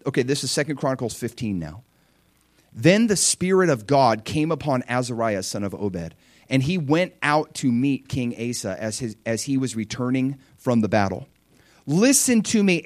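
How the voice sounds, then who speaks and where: A middle-aged man preaching a sermon, animated, jumping into excited voices as he acts out scripture. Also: normal speed, no room sound, clean studio sound. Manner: animated, acts out excited voices of God with big pitch jumps. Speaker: pastor.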